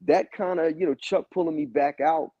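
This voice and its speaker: This male guest musician, interviewed on a podcast, casually tells stories, swearing and imitating what people said. He speaks at normal speed in a fairly high voice with fairly even intonation, and the dull lo-fi recording has no echo.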